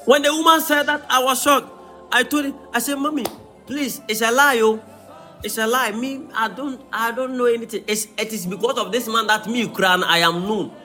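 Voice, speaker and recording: A pastor preaches in a high, bright, ringing voice. He bursts into shouts and sings some phrases, with faint music under his sermon. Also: steady tone, moderate pace.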